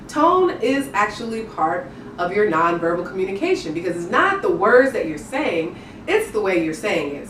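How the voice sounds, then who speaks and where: Speaking directly to the camera, this image consultant, a young adult woman, offers tips in a chatty, candid, upbeat way. The recording catches her slightly bright mid-range voice from a distance in an echoey room, with faint hiss or hum.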